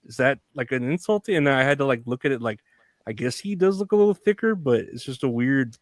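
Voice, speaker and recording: A man's voice: mid-range voice, lively intonation, brisk, dry recording, studio quality. A young man co-hosting a casual podcast, rambling and filling his talk with "like" while laughing easily. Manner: rambling, lots of filler likes, laughs easily. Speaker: podcast co-host. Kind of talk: casual chat.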